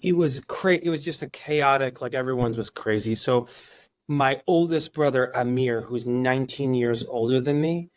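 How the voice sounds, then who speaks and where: A man in his forties from Iran, a guest in a casual interview, talking in halting starts with lots of restarts. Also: medium pitch, dry recording. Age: 40s.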